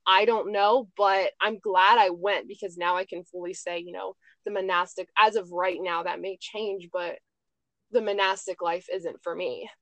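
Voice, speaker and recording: A woman's voice: mid-range voice, fairly even intonation, moderate pace, fairly bright tone, no echo. A young woman hosting a podcast, telling a personal story in casual chat, full of "like" and "I'm just like". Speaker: podcast host.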